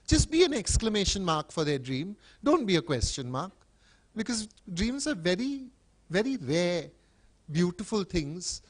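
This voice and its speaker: An older man from Bombay, a teacher and writer, giving a public talk full of anecdotes in a wry, emphatic way, his voice swinging suddenly in loudness and pitch. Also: no echo. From Bombay, India. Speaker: teacher and writer speaking at a book event.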